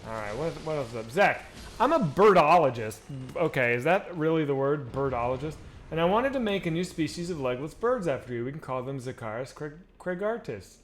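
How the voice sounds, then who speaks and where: A man whose voice sits a little high talks fairly quickly, with slight background noise, while streaming a game. Animated and profane, he keeps up a casual running commentary and chats back to viewers.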